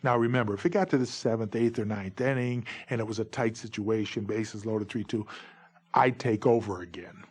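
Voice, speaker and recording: A man in his forties, a former baseball umpire, telling humorous stories in a lively, jokey way. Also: lowish voice, normal speed, slightly rough. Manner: lively, jokey, breaks into shouted umpire calls. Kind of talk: humorous anecdotal storytelling.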